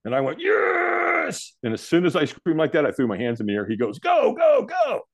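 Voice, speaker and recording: An older man from California, a podcast guest telling a personal story in a lively way, acting out the other people's lines. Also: medium pitch, rapid-fire. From California, USA. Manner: animated storyteller who acts out the quoted voices. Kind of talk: storytelling in an interview.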